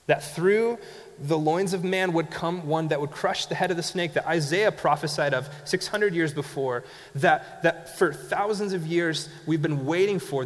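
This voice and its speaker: A conversational male pastor in a reverberant hall. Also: a little high. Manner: conversational storytelling, rhetorical questions. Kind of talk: sermon.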